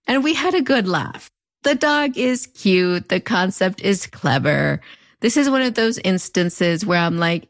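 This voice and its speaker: Recorded in studio quality without room sound, this lowish-voiced video essay host speaks with a fronterizo accent from the Mexican border. Probably in her thirties or forties, she delivers commentary in a wry, chatty tone sprinkled with playful asides.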